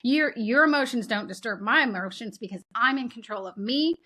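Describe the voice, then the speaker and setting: A woman explaining child development in a conversational interview, earnest and animated, acting out what parents say. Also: on the high side, fairly quick, breathy edge.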